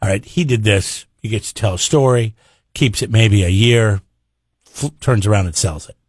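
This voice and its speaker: A man's voice: fairly low pitch, moderate pace, dry recording. A man hosting a radio show, giving blunt opinions in casual banter. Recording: dry radio studio.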